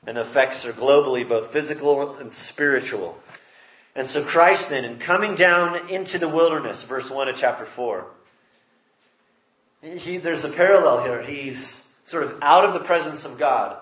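A man's voice: fairly high pitch, moderate pace, fairly bright tone. Man, pastor, expository sermon, emphatic delivery, roomy echo. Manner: reads scripture aloud then explains it, emphatic rises.

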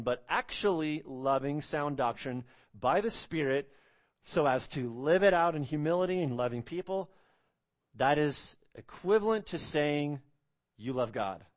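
A man preaching an expository sermon, emphatic, repeating phrases and asking rhetorical questions. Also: a little high.

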